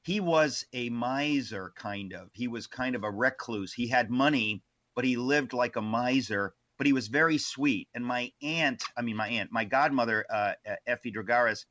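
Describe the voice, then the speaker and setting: A man guest on an interview show, telling stories from his life in a lively way with many restarts. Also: mid-range voice, moderate pace, highs cut off. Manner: animated, many restarts and asides. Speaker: author guest. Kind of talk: casual interview storytelling.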